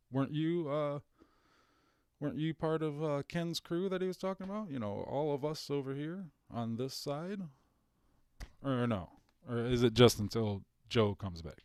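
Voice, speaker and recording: A man's voice: mid-range voice, darkish tone, clear, resonant tone, no room sound, studio quality. A man hosting a stream who reacts to replayed clips with mocking, profane commentary. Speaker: stream host.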